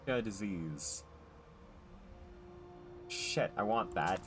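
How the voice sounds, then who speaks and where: A man streaming live gameplay and commenting in an excitable way, swearing and jumping into loud outbursts. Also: mid-range voice, measured pace, music in the background.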